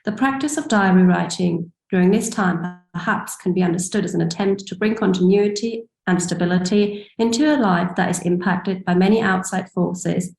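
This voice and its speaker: A woman reading a formal academic paper aloud over a video call, steady with small self-corrections. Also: fairly low pitch, moderate pace, creaky, hardly any pauses, echoey room. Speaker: academic speaker.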